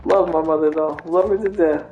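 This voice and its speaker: A woman's voice: low voice, steady tone, a little fast, phone-quality sound. A woman DJ telling a funny family story in casual, slangy talk, laughing as she goes. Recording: roomy echo with faint music.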